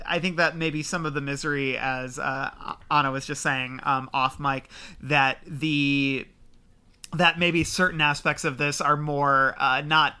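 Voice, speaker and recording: A man's voice: fairly high pitch, steady tone, a little slow, sharp tone, clear, resonant tone. A man hosting a book podcast in casual chat, rambling a little as he introduces segments. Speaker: podcast host.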